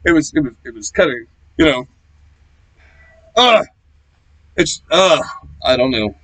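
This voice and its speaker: A man's voice: fairly high pitch, animated, unhurried, no room sound, rough recording. A man ranting angrily on a political vlog, swearing heavily and talking in an aggressive, confrontational way. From Florida. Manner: profane, ranting, loud and aggressive. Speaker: political vlogger. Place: small shack.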